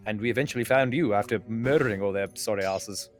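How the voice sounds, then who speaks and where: A man's voice: lowish voice, fast talker, faint music behind. A man from Australia playing a tabletop game, slipping into playfully formal in-character speech. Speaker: player. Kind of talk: casual tabletop play.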